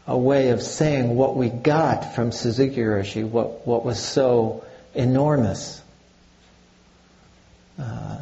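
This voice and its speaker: An older man giving a Zen dharma talk in a halting way, with many pauses and fillers. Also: medium pitch, dark tone, dull audio. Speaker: Zen teacher.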